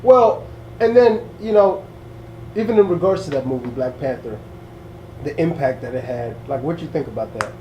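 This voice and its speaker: High-voiced male host, echoey room. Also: animated, moderate pace, mellow, a little hiss or hum. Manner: easygoing, joking, laughs often. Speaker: host, interviewer. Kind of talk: casual interview chat.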